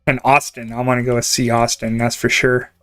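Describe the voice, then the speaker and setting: A man's voice: mid-range voice, completely flat delivery, moderate pace, fairly bright tone, clean tone, soft background music. A young man from Canada chatting casually and rambling while he streams a game, laughing often. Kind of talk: casual chat while gaming.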